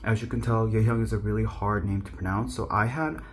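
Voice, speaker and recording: A man's voice: on the low side, fairly even intonation, brisk, a little hiss or hum. A Korean-born young man casually telling a personal story to camera, chatty and self-mocking. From South Korea. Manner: chatty, self-mocking, mimics others' voices. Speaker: YouTuber.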